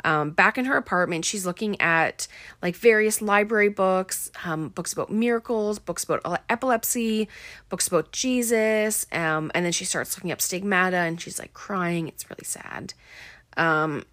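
A woman's voice: on the low side, moderate pace, a bit bright, no room sound. A young woman casually recapping a film, chatty and full of fillers.

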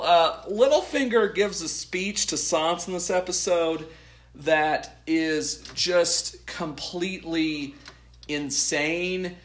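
A man co-hosting a podcast, recapping an episode from his notes in a halting way with many fillers. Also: fairly high pitch. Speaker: podcast co-host.

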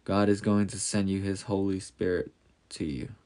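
A man voicing the angel Gabriel, a kind male messenger from heaven, speaking calmly and reassuringly in a storybook reading. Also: deep voice, normal speed, clean tone, lightly acted. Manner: calm and reassuring.

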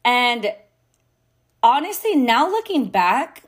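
A woman's voice: fairly high pitch, sing-song, slow, husky. Blunt, swearing woman podcaster. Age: adult mother. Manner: blunt, heavy swearing, frequent fillers; mixes in Spanish phrases. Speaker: podcast host. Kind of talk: candid casual monologue.

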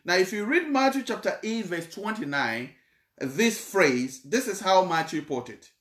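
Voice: medium pitch, very animated, a little slow, a bit bright, roomy sound. A preacher explaining a Bible passage in a sermon, repeating points and checking in with the congregation.

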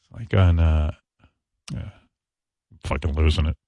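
A man's voice: extremely low pitch, a little slow, gravelly, mellow, dry recording. A man hosting a radio show, bantering casually and rambling as he gropes for words. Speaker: radio host. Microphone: studio microphone.

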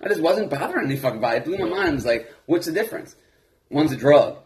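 A man in casual, profane conversation, animated and acting out the voices of people he quotes. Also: on the high side, quick pace. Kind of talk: casual chat.

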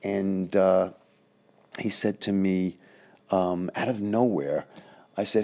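A man tells an old story in a loose, rambling way, often stopping to correct himself. His voice sits very low and has a rough, gravelly fry. He sounds casual and unhurried. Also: a little mellow. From Queens, New York.

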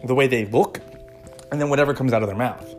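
A young man in his twenties talks loosely to camera, circling his point with fillers and restarts. His voice sits at an ordinary middle pitch. A little guitar music plays faintly underneath. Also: quick pace. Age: 20s. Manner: rambling, conversational, many fillers and restarts. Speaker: vlogger. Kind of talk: casual talking-to-camera monologue.

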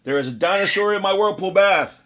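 A man's voice: high-pitched, animated, a little fast, fairly bright tone. A man with a slight Southern drawl hosting an interview podcast, effusive and playful, often repeating words as he talks. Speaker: podcast host. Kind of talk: casual interview chat.

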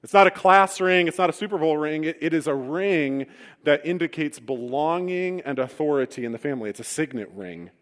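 A man's voice: on the high side, animated, a little fast, fairly bright tone. A man preaching a sermon, retelling a story with humorous asides. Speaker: pastor. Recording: long reverb of a large hall.

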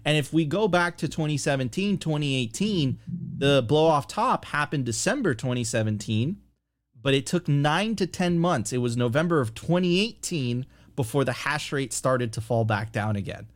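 A man's voice: on the high side, animated, moderate pace. A man co-hosting a casual finance chat, reading news aloud and laughing in disbelief. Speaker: co-host.

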